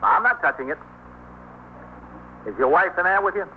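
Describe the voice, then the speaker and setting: An actor playing a police sergeant who calmly gives orders and coaxes an armed man to open the door, in 1950s radio drama style. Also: fairly high pitch, moderate pace. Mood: coaxing. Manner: calm, firm, coaxing. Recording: tinny old radio broadcast with faint hiss.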